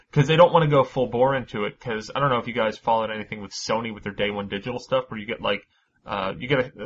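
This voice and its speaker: A man hosting a podcast, chatting casually and running through news, energetic and quick to swear. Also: fairly low pitch, highs cut off. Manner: energetic, swears freely, laughs often. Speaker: podcast host. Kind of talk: casual chat and news rundown.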